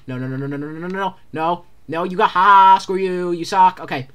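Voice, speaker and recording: A gamer giving casual commentary while playing a horror game, stammering and panicking, repeating words in rapid bursts. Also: mid-range voice, steady tone, sharp tone, clean tone.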